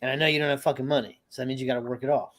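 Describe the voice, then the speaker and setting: A man's voice: medium pitch, steady tone, rapid-fire, fairly bright tone. A man co-hosting a casual podcast, bantering and laughing as he tells stories about his kids. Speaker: podcast co-host. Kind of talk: casual chat.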